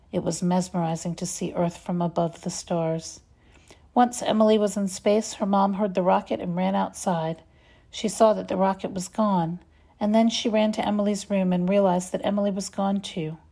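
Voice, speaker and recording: A woman reading a children's story aloud, expressive and measured. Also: medium pitch. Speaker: reader.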